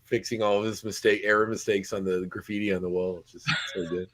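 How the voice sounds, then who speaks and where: A man's voice: on the low side, flat delivery, quick pace, dry recording. Canadian man hosting a podcast, dry sound. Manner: chatty, asks questions and adds his own asides. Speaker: podcast host. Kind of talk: casual interview chat.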